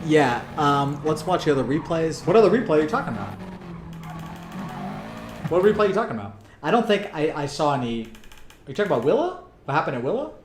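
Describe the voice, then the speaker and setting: Talking straight to his chat while streaming a racing game at home, this man keeps up casual commentary packed with "like" and "you know." His fairly high, sing-song voice is brisk, captured with a roomy sound over engine noise and game music from his racing-rig setup.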